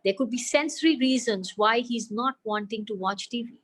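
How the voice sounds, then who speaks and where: Indian woman, slightly high voice, calm expert explaining to parents on a video call. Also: normal speed, rough recording. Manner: patient, explanatory, mixes in Hindi phrases. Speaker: expert answering parents' questions. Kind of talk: webinar Q&A advice.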